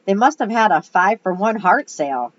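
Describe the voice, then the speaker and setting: A woman's voice: mid-range voice, animated, brisk, a little hiss or hum, lightly acted. A woman voicing a grumpy, mischievous schoolboy who mocks everything, in a storybook reading on a dull lo-fi recording. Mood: scornful. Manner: scornful, mocking.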